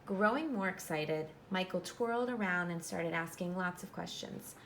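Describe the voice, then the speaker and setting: A woman teacher giving a classroom read-aloud of a storybook, reading in a clear, instructive way and pausing to explain. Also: on the low side, fairly bright tone, a little hiss or hum.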